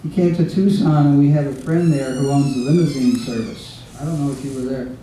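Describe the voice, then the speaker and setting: Dark-voiced man rambling from far off. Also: fairly high pitch. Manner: rambling, halting with many fillers and restarts. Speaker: guest speaker. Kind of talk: informal devotional remembrance talk. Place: devotees' home, recorded from across a room. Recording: echoey room from far off, faint hiss.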